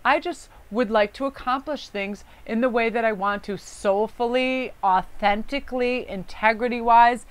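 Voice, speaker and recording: A woman gives a casual tarot reading to her viewers, chatty and effusive. Her voice is smooth and clear at an ordinary middle pitch. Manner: effusive, chatty, reads card texts aloud. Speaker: tarot card reader. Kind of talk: casual spiritual card reading.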